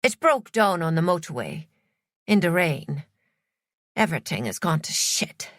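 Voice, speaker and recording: A woman's voice: fairly low pitch, sing-song, a little slow, a bit bright, no echo, clean studio sound. Woman doing a pleading Irish man. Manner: pleading, apologetic. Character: scrawny sick Irish man, pleading and remorseful.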